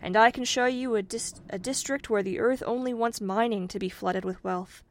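A woman's voice: on the high side, normal speed, close to an everyday voice. Good Luck, a wise godfather spirit, read by a woman. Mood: calm. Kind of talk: storybook reading.

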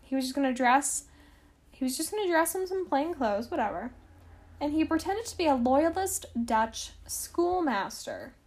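A woman's voice: sits high, animated, normal speed, a little mellow. A young woman hosting a history podcast, telling the story casually with lots of fillers, wry asides and mock quotes.

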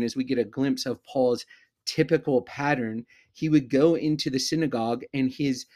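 A man with an ordinary mid-pitched voice walks listeners through a Bible passage on his podcast. He teaches in a measured, deliberate way and slows right down on the words he wants to stress. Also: darkish tone. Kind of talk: expository Bible teaching monologue.

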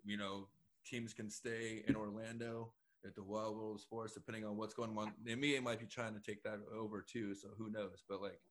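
Low voiced guy co-hosting a podcast, punchy and bright, cracks jokes, talks over people. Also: a little hiss or hum. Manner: joking banter, cutting in. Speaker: podcast co-host. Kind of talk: casual chat.

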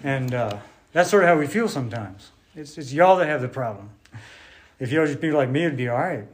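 A man giving a sermon to a congregation, unhurried and conversational, thinking aloud with restarts while drawing on a board. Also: mid-range voice, animated. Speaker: preacher.

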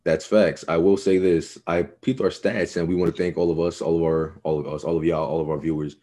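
Very deep-voiced, dark-toned young man. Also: level tone, a little fast. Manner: swears freely, laid-back, rambling. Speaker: podcast co-host. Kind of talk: casual sports chat.

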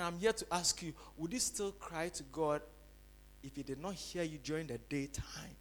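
A man preaching a sermon as pastor, swinging between loud cries and quiet, dropped-voice asides to the congregation. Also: a little high. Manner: preaching with dramatic rises to shouting and drops to soft asides.

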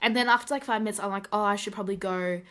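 Bright-voiced teen girl gushing. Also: mid-range voice, very fast. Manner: animated, gushing, full of "like". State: slightly raspy from a cough. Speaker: podcast co-host. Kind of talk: casual storytelling chat.

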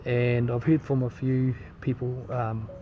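A man with a New Zealand accent giving a casual, earnest video update from an airport terminal, speaking in a halting, indignant way. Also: mid-range voice, flat delivery, noisy background. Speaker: campaign leader posting a video update. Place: airport terminal, waiting on a delayed flight. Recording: crowd chatter behind.

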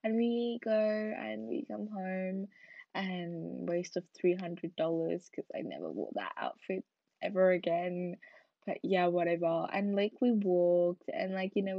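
A tired young woman hosts her own podcast, telling a rambling, casual story packed with fillers and sometimes sinking to a whisper. Her voice is medium-pitched with vocal fry, and the dry recording sounds muffled and lo-fi.

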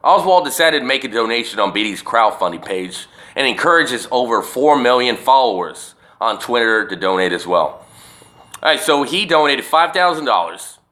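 A man's voice: mid-range voice, animated, moderate pace, pushed and bright. A man hosting a solo podcast, talking in a rambling, profane and emphatic way. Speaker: podcast host. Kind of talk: casual solo podcast rant.

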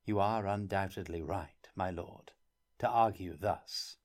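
A man voicing a mild, softly ironic young traveling player in an audiobook reading. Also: low voice, a little slow. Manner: mild, soft-spoken, subtly ironic.

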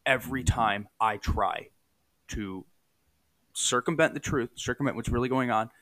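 A man's voice: medium pitch, normal speed, fairly bright tone, dry recording. A man in recovery telling his story in a candid, raw podcast chat, swearing casually.

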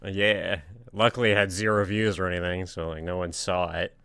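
A man with a lowish, bright, forward voice chats on a podcast. His banter is loose and full of swearing. The recording is dry, with no room sound. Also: level tone, moderate pace, clean tone, no room sound. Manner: laid-back, profane banter. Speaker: podcast co-host. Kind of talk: casual chat.

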